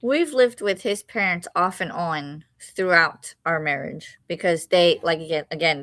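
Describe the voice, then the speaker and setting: A middle-aged woman co-hosting a livestream, telling a story in a relaxed way with many fillers. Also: lowish voice, dry recording. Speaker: co-host of a livestream. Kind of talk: casual chat.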